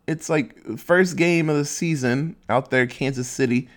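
A young man hosting a casual solo podcast, rambling and swearing, joking at his own expense and dropping into quick silly voices. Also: medium pitch. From Ohio, USA. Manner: rambling, profane, self-mocking, acts out quick silly voices. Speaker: podcast host.

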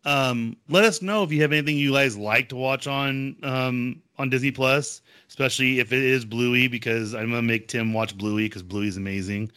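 Bright-voiced excitable male podcast co-host. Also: medium pitch, moderate pace, hardly any pauses, smooth, no room sound, clean studio sound. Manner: chatty, excitable, with frequent fillers. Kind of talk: casual chat.

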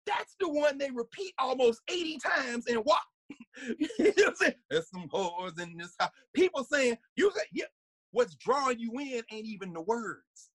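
A man giving a conversational lecture, animated and laughing often, sometimes singing snippets and acting out voices. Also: very high-pitched, moderate pace, breathy edge, no room sound.

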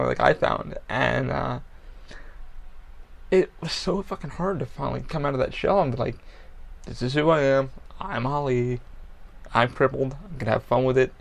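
A man's voice: mid-range voice, vocal fry. A man hosting a podcast, talking candidly in a blunt, profane, rambling way about his own life. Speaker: podcast host. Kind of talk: candid personal talk.

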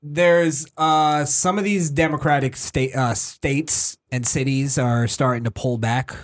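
A man's voice: mid-range voice, fairly even intonation, measured pace. Man telling stories in a casual podcast. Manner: storytelling, chuckling, blunt and profane. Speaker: podcast co-host.

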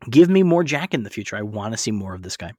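A man's voice: lowish voice, big pitch swings, quick pace, a little mellow, no room sound, clean studio sound. A man co-hosting a podcast, chatting casually about a TV episode and swearing now and then. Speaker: podcast co-host. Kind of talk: casual recap chat.

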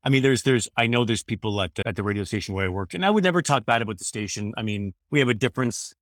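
A man's voice: on the low side, animated, fast, a bit bright, dry recording, studio quality. A man in his thirties talking casually as a guest, earnest and rambling, often restarting his sentences. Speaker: guest, former radio host. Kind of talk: casual conversation.

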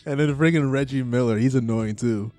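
A man's voice: medium pitch, fairly quick, mellow, soft background music. A male podcast guest in casual sports chat, wry and joking.

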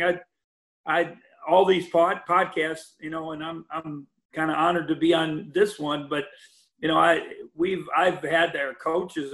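Interviewed for a podcast over a call, an older college basketball head coach rambles with many restarts and "you know" fillers. He has a slightly high, gravelly, fairly bright voice.

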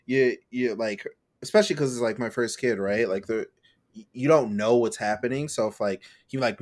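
A young man chatting casually on a podcast, rambling with lots of fillers and acting out his own reactions. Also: medium pitch. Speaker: podcast co-host.

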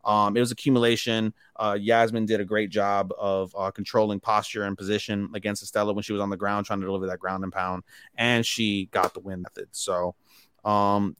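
A man's voice: fairly low pitch, fairly bright tone, clean tone, no room sound. A young man co-hosting a podcast, casually and profanely running through fight results. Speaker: podcast co-host. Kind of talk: casual chat.

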